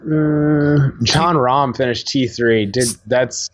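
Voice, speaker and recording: A man's voice: medium pitch, slow pace, muffled recording. A man co-hosting a casual sports podcast, chatty and full of fillers and restarts. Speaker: podcast co-host.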